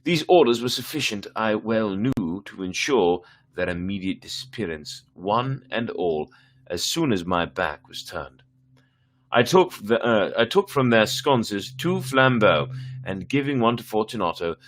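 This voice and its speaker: A man with a lowish voice reads a classic tale aloud on a live stream. He goes at an unhurried pace and sometimes stumbles and corrects himself. The reading is plain and steady. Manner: unhurried reading with small slips and self-corrections. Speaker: story reader.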